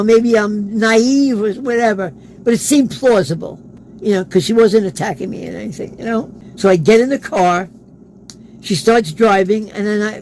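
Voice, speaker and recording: A man's voice: high-pitched, a little mellow, slight background noise, poor audio. A man, an interview guest, telling a personal story in a casual way and acting out the quoted dialogue. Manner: acts out quoted dialogue in his stories.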